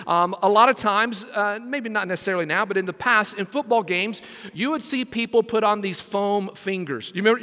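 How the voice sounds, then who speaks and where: High-voiced preacher in a reverberant church. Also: male voice. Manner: animated preaching, asks congregation to repeat words. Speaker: senior pastor. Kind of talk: sermon.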